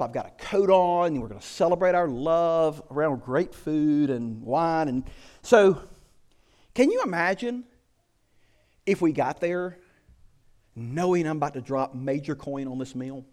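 A man's voice: a little high, a little slow. A man preaching a sermon as a pastor, telling stories with lots of rhetorical questions. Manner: animated storytelling with rhetorical questions.

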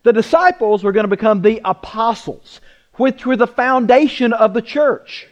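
A man preaching a sermon, emphatic, asking rhetorical questions and slowing down to stress words. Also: extremely high pitch, highs cut off. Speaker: pastor.

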